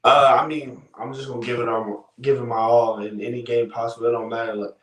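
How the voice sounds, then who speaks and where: A man's voice: mid-range voice, flat delivery, brisk. Young male college athlete guest, easygoing, heard from a distance in a roomy space. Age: young adult. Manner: laid-back, easygoing, many fillers. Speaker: college football player guest. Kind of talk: casual interview answers. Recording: echoey room, off mic.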